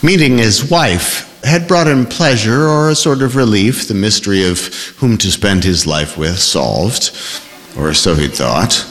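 A man narrates a literary novel in a fairly low voice. His delivery is expressive, with a wide, moving pitch. A long reverb trails each phrase. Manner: measured, expressive reading. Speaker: audiobook narrator. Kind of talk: scripted narration.

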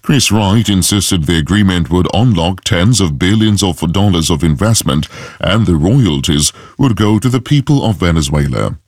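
A man reading a scripted news bulletin in a measured, formal way at a close studio mic. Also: low-pitched, expressive, dry recording. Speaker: newsreader.

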